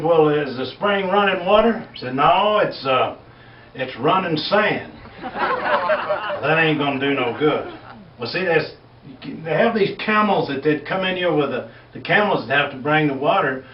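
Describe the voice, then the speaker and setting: A man from Texas with a West Texas accent, telling folksy jokes in a rambling, drawling way and chuckling as he goes. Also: on the high side. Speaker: comedian. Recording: echoey, distant, dull lo-fi recording with faint hiss.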